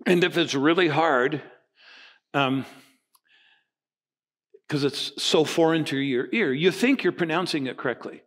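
Animated pastor in his sixties, higher voice. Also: slow pace, pauses often. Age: 60s. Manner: animated storytelling, acting out dialogue. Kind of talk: sermon.

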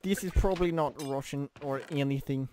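A man's voice: mid-range voice, brisk, noisy background. A young man casually chatting with a friend while gaming, joking and narrating his own play. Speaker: gamer playing with a friend. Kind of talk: casual gaming chat over voice call.

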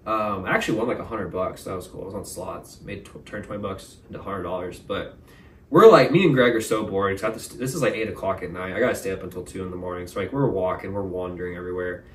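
A young man, a podcast guest, telling a story in a casual, animated way, full of slang. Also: deep voice, quick pace, a little hiss or hum. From Texas. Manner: animated, slangy, says "bro" and "like" a lot. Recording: roomy, mic at a distance.

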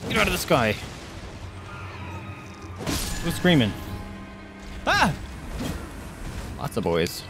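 Over music, a slightly high-voiced man speaks slowly and pauses often while livestreaming a game. He yelps and swears at enemies in excitement and chats with viewers, thanking each by name.

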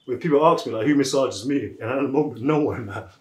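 A man's voice: medium pitch, fast. A man, a massage therapist talking casually to viewers in a laid-back way, chuckling often and calling people "man". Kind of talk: casual chat and storytelling. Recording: roomy echo.

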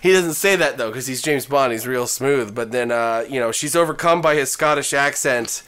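A man's voice: mid-range voice, moderate pace, a bit bright, clean tone. A man co-hosting a comedy podcast, improvising a silly story with lots of swearing and laughter. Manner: giggly, profane, acts out characters mid-story. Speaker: podcast co-host.

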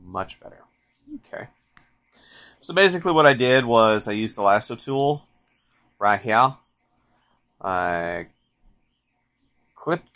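Casual male host, mid-pitched, talks through his sketching in a low-key, rambling way. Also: fairly bright tone. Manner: rambling, chatty, self-interrupting. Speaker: artist and channel host. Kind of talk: casual drawing tutorial narration.

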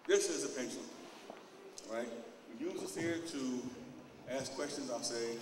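A man giving a casual live demonstration talk to an audience, directing volunteers and getting animated as he tells stories. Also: mid-range voice, a little slow, long pauses. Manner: gets loud and animated in stories. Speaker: opening speaker at a lecture. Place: large echoing hall. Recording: echoey hall, distant mic, background noise.

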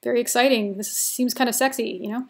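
A woman with a fairly high voice lecturing on ancient poetry for a recorded class. She talks in a loose, conversational way, full of casual fillers, and often rushes ahead in quick bursts. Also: steady tone. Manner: chatty, informal, many "like" and "kind of" fillers. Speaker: literature lecturer.

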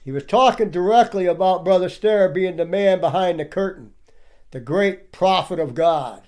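Male commentator, preaching tone, calls out to his listeners often, fairly high voice. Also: moderate pace, darkish tone. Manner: emphatic, keeps addressing the audience as "people". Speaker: religious commentator. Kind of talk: preaching commentary over clips.

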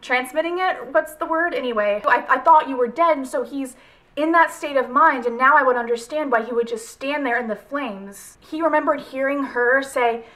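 A woman's voice: sits high, moderate pace, fairly bright tone. A woman reviewing a film adaptation in a casual vlog, chatty and rambling with lots of fillers. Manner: gushing, emotional. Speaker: book vlogger.

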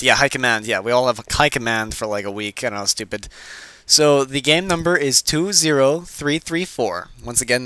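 Hyper teenage boy, bright and crisp. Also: medium pitch, no room sound. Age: teens. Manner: rambling, hyper, self-interrupting. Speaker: game channel host. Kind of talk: casual chat.

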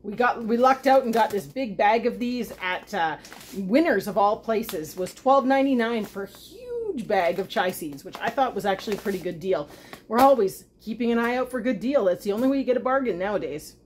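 This woman hosts a homesteading channel and walks through a recipe in her home kitchen, chatting away and poking fun at herself as she cooks. Her voice is fairly high, animated, brisk and a little mellow, with slight background noise behind it.

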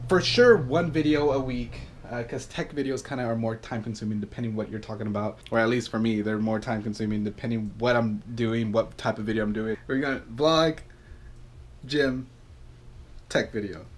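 A man's voice: mid-range voice, moderate pace. Upbeat young man vlogging casually. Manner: upbeat, rambling, lots of fillers. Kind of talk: casual vlog talk to camera. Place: at home, then driving in a car.

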